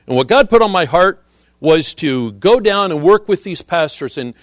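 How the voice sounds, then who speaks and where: Man, middle-aged, sermon, earnest and measured, fairly high voice, dry sound. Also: lively intonation, dry recording. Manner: earnest, measured preaching with scripture quotes. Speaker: missionary preacher.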